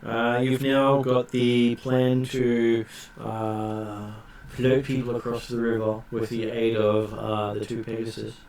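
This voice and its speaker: A man acting as game master in a tabletop session, halting often with ums and uhs as he explains the rules. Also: mid-range voice, completely flat delivery, a little mellow, a little hiss or hum.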